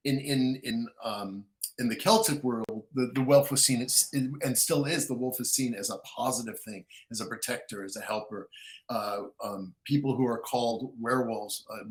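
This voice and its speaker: A man talking as a guest author in a casual interview, excitable storyteller with frequent restarts who acts out quotes. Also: mid-range voice, moderate pace, roomy sound, poor audio.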